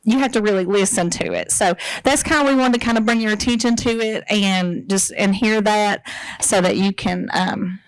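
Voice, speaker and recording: A woman's voice: mid-range voice, moderate pace, dry recording, poor audio. A woman presenting a live workshop to teachers, talking casually with many fillers and restarts. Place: training room with an audience. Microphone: microphone.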